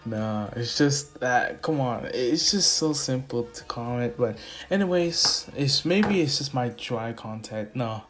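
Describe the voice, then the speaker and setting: A man's voice: medium pitch, lively intonation, slow pace, a bit bright. Rambling, chuckling young male storyteller. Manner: rambling, chuckles often, self-deprecating. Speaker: YouTube storyteller. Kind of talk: casual rambling story retelling.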